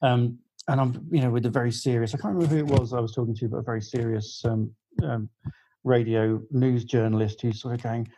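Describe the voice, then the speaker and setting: Middle-aged male guest, music journalist, warm low-key tone, chatty rambling anecdotes. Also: fast talker, slight background noise, rough recording. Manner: rambling storyteller with many fillers and restarts. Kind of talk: casual podcast anecdote.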